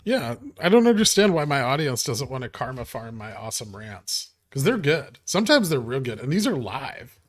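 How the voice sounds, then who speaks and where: A man's voice: mid-range voice, very animated, moderate pace. A man hosting a live stock market stream, talking casually and reading chat aloud, with wry, profane, ranting asides. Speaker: livestream host.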